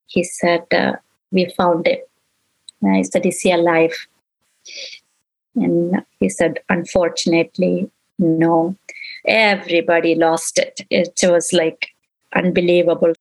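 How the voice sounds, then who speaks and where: A woman's voice: on the low side, level tone, slow pace, creaky, long pauses, slightly rough, rough recording. A middle-aged woman, a grieving mother in an interview, recounting events and acting out the dialogue she remembers. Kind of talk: emotional personal recollection.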